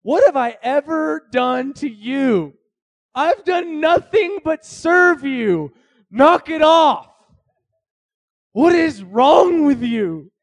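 A man doing a loud pleading talking donkey. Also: extremely high pitch, animated, gravelly, dry recording, pitched above the performer's own voice, exaggerated voice. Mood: indignant. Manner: shouted, drawn-out pleading. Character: put-upon talking donkey, pleading and indignant.

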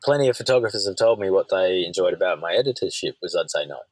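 Lower-voiced guy, chatty podcast guest, candid and measured, dry sound. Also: lively intonation, dry recording, low-quality recording. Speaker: podcast guest, surf commentator. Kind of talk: casual conversational chat.

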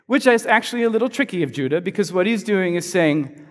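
A man's voice: high voice, lively intonation, fast talker, in a large hall. A man preaching a conversational sermon as pastor, asking the listeners rhetorical questions.

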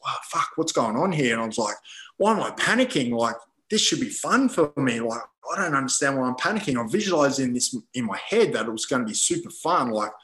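A man's voice: mid-range voice, pushed and bright, reverberant, low-quality recording. A man, a podcast guest, telling personal stories in casual conversation, rambling with many fillers and frequent swearing, acting out his own past thoughts.

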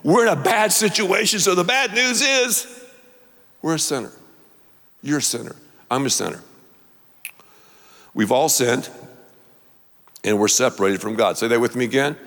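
A man preaching a sermon, animated and playful, leading the audience to repeat lines after him. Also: medium pitch, normal speed, pauses often. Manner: animated, audience call-and-response. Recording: long hall reverb.

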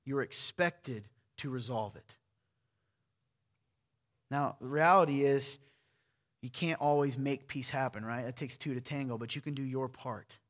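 A man's voice: mid-range voice, unhurried, long pauses, fairly bright tone. A man preaching a sermon to a church crowd, talking in a direct, pointed, conversational way. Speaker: pastor.

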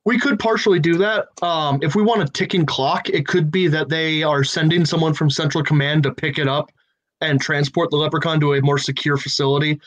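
A man's voice: fairly high pitch, steady tone, brisk, fairly bright tone, low-quality recording. A man in a casual creative brainstorm, thinking aloud and laying out plot ideas step by step. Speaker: writer in a story brainstorm.

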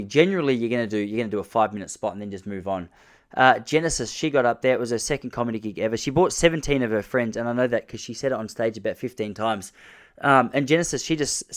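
A man's voice: medium pitch, animated, fast talker. A man from Australia with an Australian accent, telling wry, chatty comic stories as a vlogger. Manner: chatty, wry, many restarts and quoted voices. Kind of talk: casual comic storytelling.

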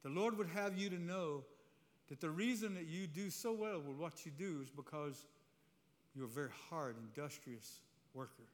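A man voicing a solemn, prophetic island woman with a Caribbean island accent, speaking in slow, weighty declarations. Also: fairly high pitch, lightly acted. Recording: reverberant hall, faint room noise.

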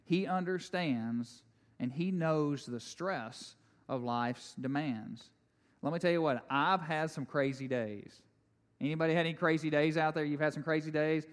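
A man preaching in a big church hall, his voice ringing with long reverb. He talks in a lively, conversational way, tossing jokes and asides to the congregation, and sits a bit higher than most men. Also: a little slow. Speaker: pastor. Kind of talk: sermon.

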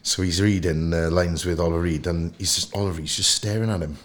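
Deep-voiced Welsh man telling stories. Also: fast talker. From Wales. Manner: animated storyteller who acts out anecdotes. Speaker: actor guest. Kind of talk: casual podcast interview.

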